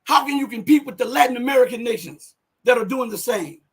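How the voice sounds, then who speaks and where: A man with a strikingly high, husky voice delivers driven, rhetorical political commentary live, talking fast with lively intonation. Fired with conviction, he repeats phrases for emphasis and climbs nearly to a shout on his key points.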